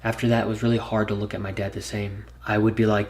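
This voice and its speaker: A man's voice: fairly low pitch, little pitch movement, quick pace, hardly any pauses, a little mellow. A man telling a personal story in a storytime vlog, earnest and candid, plain spoken and swearing freely. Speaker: YouTuber.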